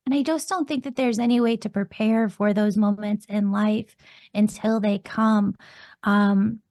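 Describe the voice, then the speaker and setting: A woman hosting an interview, asking long, gentle, reflective questions. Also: medium pitch, fairly even intonation, measured pace, no room sound, clean studio sound. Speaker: podcast host and medium.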